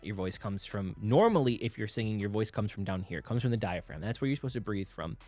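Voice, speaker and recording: A music producer co-hosts a laid-back reaction show, breaking down vocal technique in plain language and dropping "like" constantly. His voice sits on the low side, slightly mellow, and he talks fast and animatedly.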